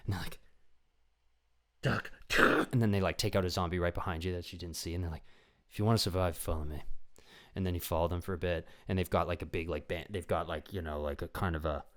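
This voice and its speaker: A young man hosting a solo podcast in a casual ramble, often dropping into quick imitations of other people. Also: low voice. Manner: rambling, animated, acts out voices of people he imagines. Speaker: podcast host.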